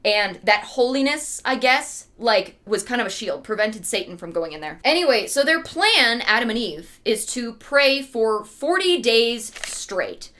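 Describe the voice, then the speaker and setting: A young woman retells an old story as a streamer, dropping in sarcastic, playful asides. Her voice sits a little high and sounds bright and forceful. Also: sing-song, unhurried, hardly any pauses. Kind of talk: casual comedic retelling.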